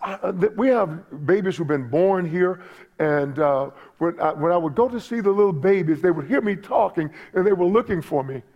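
A middle-aged man preaching a sermon in a high, gravelly voice. He is an excitable pastor who climbs into loud, emphatic delivery and often repeats himself. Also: normal speed, dull audio.

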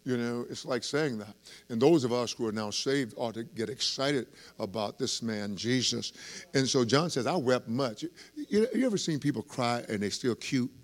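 A man preaching a sermon, talking conversationally to the congregation and swelling into loud, lively emphasis. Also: medium pitch, normal speed.

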